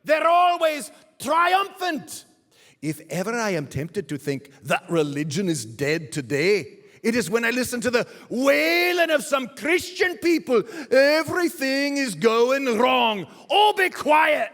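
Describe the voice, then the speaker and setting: A man's voice: extremely high pitch, very animated, unhurried, a bit bright, long reverb tail, voice pushed up, exaggerated voice. A man putting on a fiery older Scottish preacher in an impassioned, declaiming manner with a put-on Scottish brogue.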